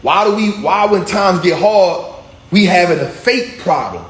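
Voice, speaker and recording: A man's voice: high voice, a little slow. A man giving a casual, slangy street-style sermon on his vlog. He talks animatedly, repeating phrases and checking in with his listeners. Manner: animated, repetitive, slangy and conversational. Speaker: vlogger preaching. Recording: echoey room, faint ambient hum.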